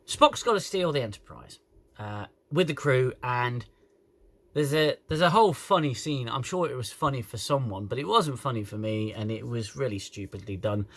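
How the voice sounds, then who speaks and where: A man's voice: mid-range voice, fairly bright tone. A man reviewing a show in an exasperated, sweary rant, stumbling over restarts, recorded on a camera phone. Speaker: YouTube reviewer.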